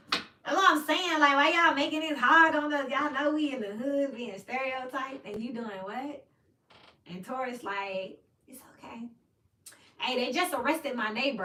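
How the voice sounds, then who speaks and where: Woman doing a tarot reading, loud and animated, cussing, echoey room, lots of noise behind. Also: medium pitch. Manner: animated, swearing, acting out little scenes. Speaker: tarot reader. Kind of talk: casual tarot reading chat. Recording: echoey room, mic at a distance, noisy.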